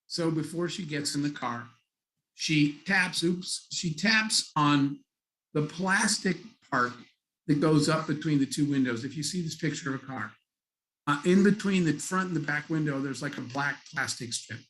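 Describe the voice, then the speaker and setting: A man's voice: a little high, measured pace, fairly bright tone, a little hiss or hum, poor audio. A middle-aged man giving a keynote talk, telling a story and acting out the dialogue. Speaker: keynote speaker. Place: conference stage.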